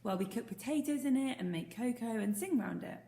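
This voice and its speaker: A woman's voice: on the high side, lively intonation, brisk, dark tone, pitched above the performer's own voice. A woman voicing a cheerful, confident young Boy Scout who talks in a breezy, teasing way. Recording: roomy echo.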